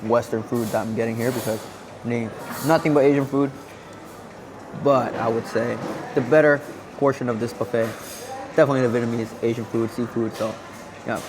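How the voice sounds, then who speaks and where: A man records a casual food vlog in an indoor hotel buffet, talking through each dish. He hums with contentment between bites and keeps his voice at an everyday middle pitch. The sound of the dining room is clearly heard behind him on a camera-mounted mic. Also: fairly even intonation, a little fast, noisy background. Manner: chatty, savoring each bite with contented hums. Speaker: food vlogger. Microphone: camera-mounted shotgun mic.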